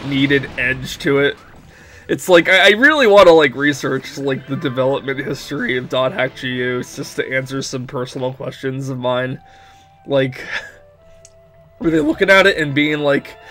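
A man's voice: medium pitch, measured pace, fairly bright tone, faint music behind. A young man giving casual gameplay commentary, rambling with lots of fillers and breaking into laughing fits. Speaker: let's play commentator.

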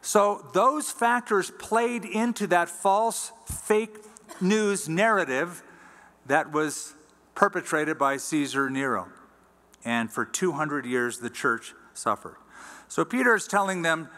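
Bright-voiced preacher in a big hall. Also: male voice, a little high. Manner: conversational teaching, reading scripture aloud slowly. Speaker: pastor. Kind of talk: sermon. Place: church sanctuary.

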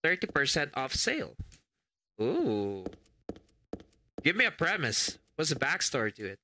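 A man's voice: on the high side, very animated, measured pace, sharp tone, slight background noise. A man doing let's play commentary on a horror game, reading on-screen text aloud and muttering his reactions. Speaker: gamer.

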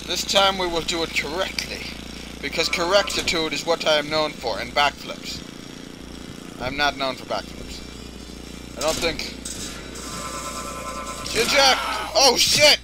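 A young man giving casual let's-play commentary, excitable and swearing, often yelling at the game. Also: fairly high pitch, takes it slowly, long pauses, very noisy. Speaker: gaming channel host. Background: game music and sound effects.

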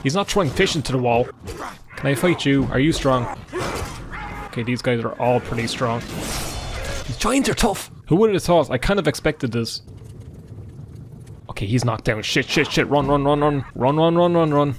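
A man's voice: mid-range voice, lively intonation, normal speed, pauses often, noisy background. A man giving joking, sarcastic gameplay commentary. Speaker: gaming YouTuber.

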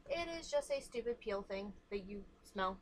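A woman's voice: mid-range voice, animated, normal speed, slight background noise. A young woman vlogger chatting frankly and casually while showing free samples to the camera. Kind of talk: casual chat.

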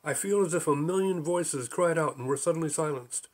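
A man voicing an anxious, excitable slug in an audiobook, whiny and easily thrilled. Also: a little high, brisk, close to an everyday voice. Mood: fretful.

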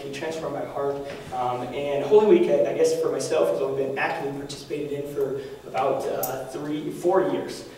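Animated young man in an echoey hall. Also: fairly high pitch. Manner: animated, laughs often, many fillers. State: losing his voice. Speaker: parish speaker. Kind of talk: lively storytelling talk to a group. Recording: echoey hall from far off, faint noise.

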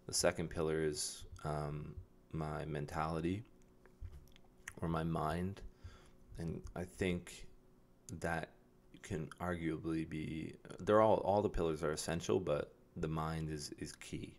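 A young vlogger with a very deep, rumbling voice talks casually to the camera in an almost flat monotone that barely rises or falls. His self-reflective rambling is full of pauses on filler words, and he restarts sentences while hunting for the right words.

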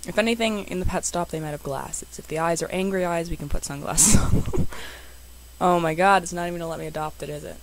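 A young woman, a gaming YouTuber, chatting excitedly to her viewers as she plays. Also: lowish voice, fast talker, heavy background noise. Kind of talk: casual game commentary.

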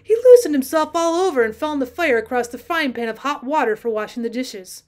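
Teacher lady reading a story aloud, high voice, steady expressive storytelling. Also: a little fast. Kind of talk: audiobook narration.

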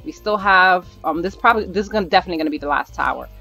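A gaming channel host giving live gameplay commentary, nervous and excitable, urging themself on out loud. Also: mid-range voice, very fast, vocal fry. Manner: excitable, nervous self-talk with repeated urging. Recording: slightly dull lo-fi audio with faint background music.

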